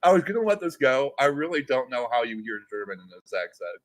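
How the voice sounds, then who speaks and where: A man's voice: medium pitch, big pitch swings, a little fast, no room sound. Male podcast co-host, wry and agreeable, casual chat, dry sound. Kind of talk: casual chat recapping a TV episode.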